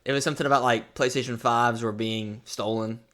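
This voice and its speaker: A man co-hosting a podcast in casual banter, playful and quick to laugh. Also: medium pitch. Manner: animated, laughs easily, playful. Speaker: podcast co-host.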